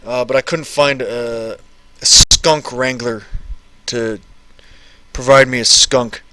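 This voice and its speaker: A man's voice: mid-range voice, steady tone, slow pace, noisy background. A man in his thirties casually chatting on a live stream, answering viewer questions and rambling and repeating phrases.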